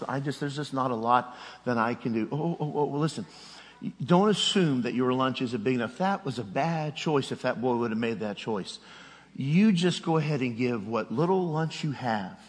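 A man's voice: mid-range voice, big-room sound. A middle-aged man preaching a sermon, telling a personal story with rising emotion and a raised voice at its peak.

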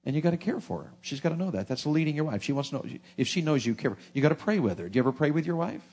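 A middle-aged man, preaching a sermon with folksy, animated humor. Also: a little high, very fast.

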